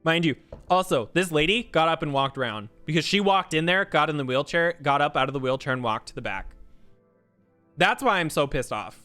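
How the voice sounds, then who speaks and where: A man's voice: on the high side, expressive, a little fast, sharp tone, faint music behind. A man streamer telling a story in a casual, ranting way, swearing a lot.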